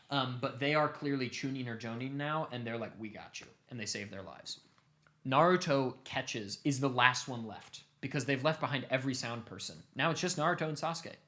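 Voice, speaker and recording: A young man casually retelling a long story to his family, animated and cursing offhandedly. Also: mid-range voice. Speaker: streamer host.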